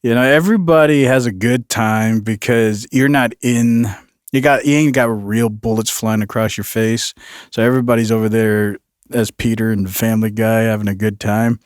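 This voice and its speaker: A man's voice: on the low side, fairly even intonation, moderate pace, dry recording, clean studio sound. Laid-back rambling male podcast host. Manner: rambling, laughs between points. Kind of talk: casual chat.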